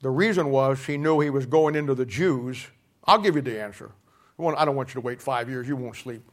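A man preaching a lively sermon, telling Bible stories with shouted lines, quiet asides and laughter. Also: medium pitch, a little fast. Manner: animated, swings from shouting to quiet asides, laughs at his own jokes. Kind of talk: sermon with storytelling.

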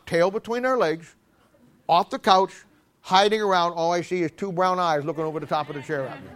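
A man preaching a sermon in an animated, humorous way, stammering restarts and acting out little scenes. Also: sits high, moderate pace, a faint crowd.

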